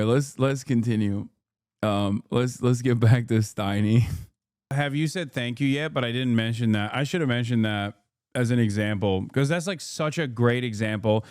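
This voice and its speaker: A man's voice: mid-range voice, measured pace, darkish tone, smooth, no echo, clean studio sound. A man in his thirties commenting on a livestream, profane and heated, mocking with sarcastic mimicry and bursts of laughter. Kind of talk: reacting to clips and articles on stream.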